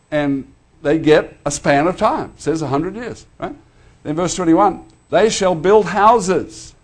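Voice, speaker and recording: Older male preacher, somewhat high voice, conversational and animated, keeps asking the crowd "right?". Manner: conversational, animated, frequent tag questions. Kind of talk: sermon.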